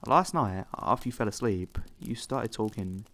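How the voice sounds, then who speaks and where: A man's voice: lowish voice, normal speed, a bit bright. A man reading as a frightened young girlfriend. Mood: uneasy.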